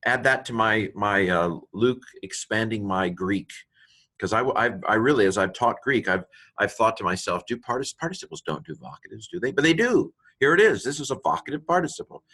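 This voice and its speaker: Man with a very low voice teaching Greek casually, parsing verb forms aloud, lots of ums, gets excited by grammar. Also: brisk. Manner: thinks aloud, parsing each word with many ums and asides; delighted by small grammar discoveries. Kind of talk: informal walkthrough of a Greek text.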